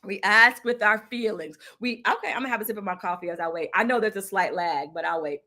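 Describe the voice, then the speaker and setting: A woman's voice: medium pitch, fast, sharp tone. A woman hosting a live motivational stream, speaking emphatically to her chat, repeating phrases and often asking "right?". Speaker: host of a live mindfulness stream.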